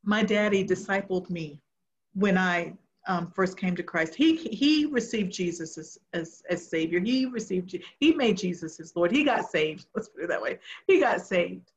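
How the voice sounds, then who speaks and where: A middle-aged woman preaching a sermon, telling an earnest personal testimony and going soft and hushed at the tender moments. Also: fairly low pitch, expressive, normal speed, a little hiss or hum. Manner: earnest, storytelling, drops to soft tones for emotional moments. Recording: muffled lo-fi sound.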